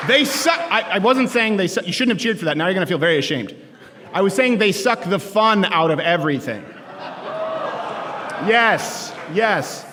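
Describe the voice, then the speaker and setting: A man from Canada giving a comedic political talk to college students, animated and joking, with bursts of shouting, in a large hall with long reverb. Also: sits high, moderate pace, a crowd in the background, background noise. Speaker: speaker addressing college students.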